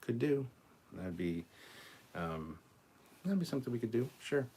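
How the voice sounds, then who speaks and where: A man's voice: mid-range voice, very animated, a little slow, mellow, slight background noise. A man hosting a casual livestream, reading out viewer comments and answering in a laid-back, blunt way with casual swearing. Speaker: host reading viewer chat.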